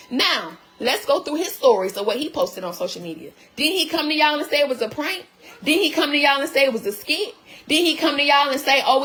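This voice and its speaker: A woman's voice: sits high, fairly bright tone, low-quality recording. A woman venting to her viewers on a live stream, emphatic and full of repeated rhetorical questions.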